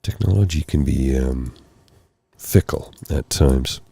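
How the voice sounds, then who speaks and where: Hoarse, gravelly deep-voiced man speaking softly. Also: slow pace, no room sound. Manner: rambling, apologetic, gentle. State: tired. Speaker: ASMR host. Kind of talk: soft-spoken ASMR live stream. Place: candlelit room at home. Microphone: close mic for ear-to-ear speaking.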